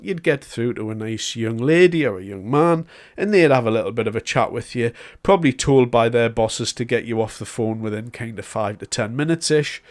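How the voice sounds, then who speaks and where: A man's voice: medium pitch, darkish tone. A man giving a solo political commentary, talking in a conversational, emphatic way as he builds his argument point by point.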